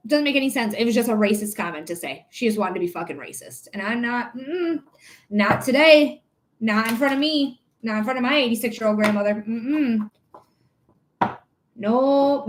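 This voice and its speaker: A young adult woman reading tarot on a livestream, ranting emphatically with repetition and swearing, then thanking viewers. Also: on the high side. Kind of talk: casual livestream chat.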